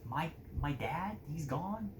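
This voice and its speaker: A man voicing a confused young male hero asking rapid questions, recorded in an echoey room. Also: a little high, expressive. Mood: bewildered. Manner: bewildered questioning. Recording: roomy echo, faint noise.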